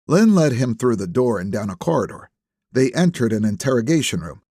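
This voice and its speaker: A man reading a crime novel aloud as an audiobook narrator, in steady, measured storytelling. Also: mid-range voice, no echo, clean studio sound. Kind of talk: scripted narration.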